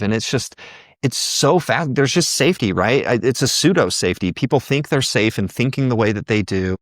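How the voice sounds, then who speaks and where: A man with a mid-range voice talks a little fast as a podcast guest, quoting others in animated, passionate impressions throughout the conversational interview. There's no room sound, just clean studio audio.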